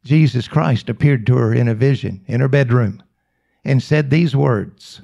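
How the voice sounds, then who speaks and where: Gravelly, emphatic male preacher. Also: mid-range voice, mellow. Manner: slow, emphatic, repetitive phrasing. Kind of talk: sermon storytelling.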